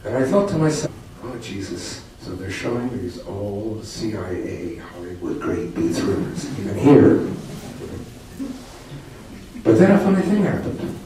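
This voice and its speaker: A man's voice: lowish voice, very animated, unhurried, a crowd in the background. An older man, a poet and commentator, telling a personal story to an audience in a reflective, wry way with frequent restarts. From Canada. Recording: distant mic in a very echoey hall with noise.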